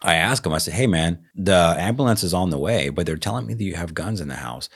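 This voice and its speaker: A man with a Texas accent, co-hosting a podcast and telling a story in a casual, animated way, acting out the lines he quotes. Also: low voice, fast talker, breathy edge. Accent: Texan. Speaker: podcast co-host.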